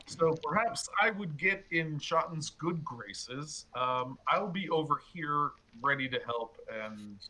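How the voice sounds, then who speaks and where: A man narrating a tabletop game as game master, with halting, filler-heavy delivery. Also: a little high, animated, bright, forceful tone, rough recording.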